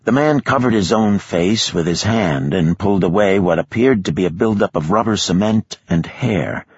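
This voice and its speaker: A man reading an audiobook in a measured, expressive scripted narration. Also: fairly low pitch, husky, no room sound, dull audio.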